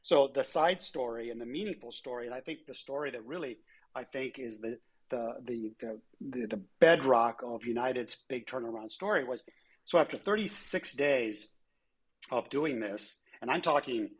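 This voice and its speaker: An older man with a husky, slightly breathy voice tells stories in a relaxed interview. He restarts often and slips into quoted voices as he talks. His pitch sits in an ordinary middle range. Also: moderate pace, poor audio. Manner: animated storyteller with frequent restarts and quoted voices. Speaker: former airline chief executive, interview guest. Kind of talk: conversational interview storytelling.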